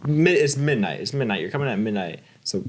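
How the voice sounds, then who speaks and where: A man who is a guest on a podcast, talking in casual chat, halting and trailing off as he speaks. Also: medium pitch, expressive. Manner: halting, trails off, laughs between words.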